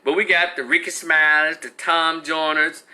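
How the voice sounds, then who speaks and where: A man hosting a live stream, giving casual, animated commentary with frequent restarts and answering viewers in the chat. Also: on the high side, normal speed.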